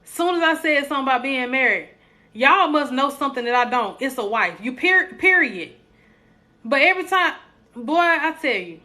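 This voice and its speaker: A woman's voice: high voice, lively intonation, normal speed, bright, forceful tone. A young adult woman, hosting a casual live stream, joking with viewers and preaching encouragement.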